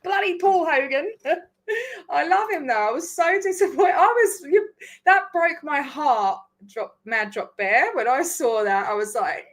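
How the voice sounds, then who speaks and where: A woman with an English accent touched by an Australian twang hosts a loose live stream. Her voice sits a little high, and she talks in a chatty way, laughing often and dropping casual swears. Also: animated, a little slow. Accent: English with a slight Australian twang. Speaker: livestream host.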